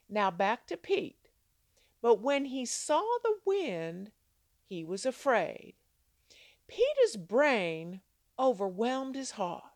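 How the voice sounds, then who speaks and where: A woman teaching a devotional Bible lesson, telling the story dramatically and asking her listeners rhetorical questions. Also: no room sound. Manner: acts out quoted lines with big pitch jumps. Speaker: Christian devotional speaker.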